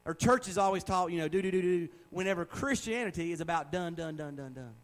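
A man's voice: high voice, fast talker, rough recording. Preacher in his forties, joking and repeating. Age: 40s. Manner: conversational preaching, joking asides, repetition for emphasis. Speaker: pastor. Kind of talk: sermon.

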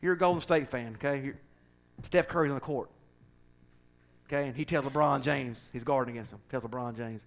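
A man preaching a sermon, swinging between loud, driving declarations and quiet conversational asides. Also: medium pitch, fairly quick, creaky, long pauses.

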